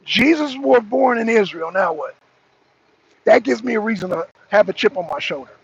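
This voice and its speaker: A male political talk show co-host argues heatedly in a high-pitched, animated voice that is gravelly and slightly rough, at a moderate pace. He keeps repeating himself and mocks the people he answers. The dry recording comes through as dull, lo-fi stream audio with faint noise.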